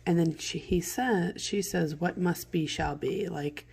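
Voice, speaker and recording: A woman teacher reading a play aloud and explaining it to students in casual, modern paraphrase, with throat clearing from morning allergies. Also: fairly low pitch, measured pace, darkish tone. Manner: conversational, paraphrases lines in plain modern words.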